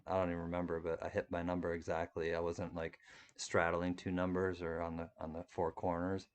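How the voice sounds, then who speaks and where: A man's voice: sits low, completely flat delivery, brisk. A man hosting a live stream in a casual, rambling chat, reading viewer comments and laughing often. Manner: rambling, chatty, laughs often, many restarts. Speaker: livestream host reading chat.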